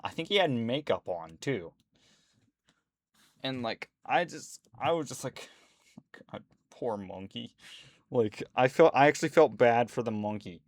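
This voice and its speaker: A man's voice: mid-range voice, animated, normal speed, no room sound. A man at home, rambling indignantly as a YouTuber in casual ranting commentary, full of fillers.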